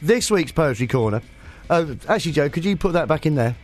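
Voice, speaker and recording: A man's voice: a little high, expressive, fairly quick, faint music behind. A man co-hosting a crude comedy podcast, laughing through his lines and reading with mock drama. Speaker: podcast co-host.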